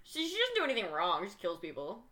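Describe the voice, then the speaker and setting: A woman co-hosting a comedy podcast, joking in a deadpan way with lots of hesitant fillers. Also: mid-range voice, quick pace. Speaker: podcast co-host. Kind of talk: casual comedy chat.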